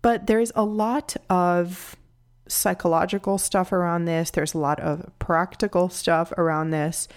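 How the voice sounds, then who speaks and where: A woman's voice: fairly low pitch, fairly even intonation, a little slow, smooth. A woman in her thirties hosting a solo podcast, talking in an earnest, heartfelt and encouraging way as a nutrition coach.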